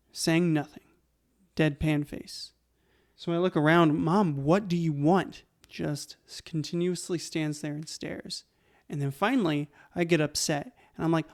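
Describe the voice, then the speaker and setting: A young adult man telling his own stories in a casual, animated way as a channel host. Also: on the high side. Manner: animated, conversational, laughs between lines. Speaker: YouTube host. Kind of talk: casual storytelling to camera.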